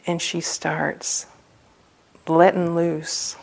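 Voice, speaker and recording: A woman's voice: on the low side, level tone, extremely slow, creaky, darkish tone. A woman meditation teacher giving a dharma talk at a retreat center, telling a personal story in a humorous, loose, conversational way.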